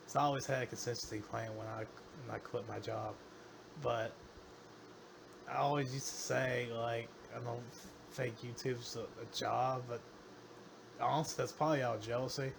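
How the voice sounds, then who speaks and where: A man's voice: medium pitch, steady tone, moderate pace, gravelly, long pauses, background noise. A man hosting a livestream, rambling crudely and offhand while reacting to clips. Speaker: livestream host. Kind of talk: casual reaction stream chat.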